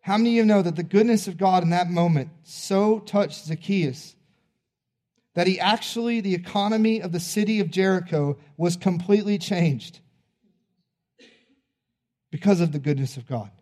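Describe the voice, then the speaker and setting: Animated preacher with a mellow voice. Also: male voice, high voice, moderate pace. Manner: animated storytelling, conversational. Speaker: pastor. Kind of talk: sermon.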